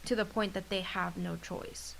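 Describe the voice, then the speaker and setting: A woman co-hosting a casual podcast chat, speaking slowly and haltingly while she searches for words. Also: lowish voice, steady tone, gravelly, low-quality recording. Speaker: podcast co-host. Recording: faint hiss.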